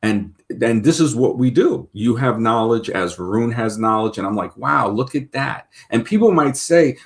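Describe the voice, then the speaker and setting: A man's voice: medium pitch, animated, normal speed, few pauses. A man hosting a talk show, rambling with lots of restarts and repeated words. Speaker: show host. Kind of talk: casual talk-show conversation.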